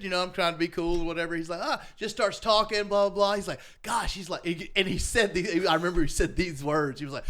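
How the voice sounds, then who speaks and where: A middle-aged man with a fairly high voice, chatting casually on a podcast. He rambles through stories with lots of false starts and drops into voices for the people he quotes. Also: fairly quick, fairly bright tone. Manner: rambling storyteller with many restarts and voiced quotes. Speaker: podcast co-host. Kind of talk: casual chat.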